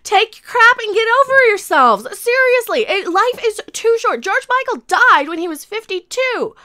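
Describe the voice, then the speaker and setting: A woman's voice: very high voice, big pitch swings, moderate pace, bright, forceful tone. A woman in her forties ranting sarcastically about celebrities in her commentary vlog. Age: 40s. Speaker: vlogger. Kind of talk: rant commentary.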